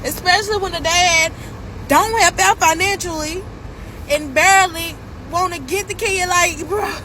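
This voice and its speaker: A woman's voice: extremely high pitch, unhurried, sharp tone, a little hiss or hum, low-quality recording. A woman, a single mother, venting candidly and wearily to the camera, rambling a little as she talks it through. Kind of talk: emotional vent to camera.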